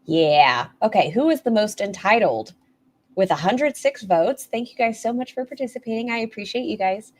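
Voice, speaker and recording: A woman's voice: medium pitch, animated, moderate pace. A woman hosting a livestream commentary, making blunt, sarcastic remarks and reading out poll results. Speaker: commentary streamer.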